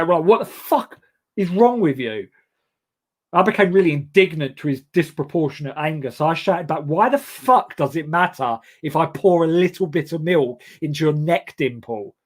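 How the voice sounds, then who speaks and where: A young man from England hosting a casual comedy chat show, rambling and self-mocking with many halting restarts. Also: fairly high pitch. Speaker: host.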